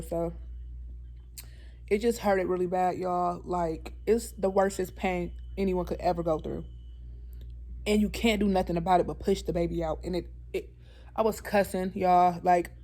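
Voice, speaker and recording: A woman's voice: fairly low pitch, a little mellow. A woman telling a personal story to her viewers in a casual, earnest way, often slipping into emphatic preaching. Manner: earnest and talkative, often calls the viewers "y'all"; slips into preaching with emphatic repetition. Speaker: vlogger. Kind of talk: casual storytime chat to camera.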